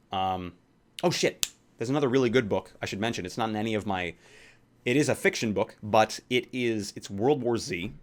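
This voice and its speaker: A young man casually answering viewer questions in a rambling, offhand way, swearing here and there. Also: fairly low pitch. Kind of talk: casual Q&A vlog.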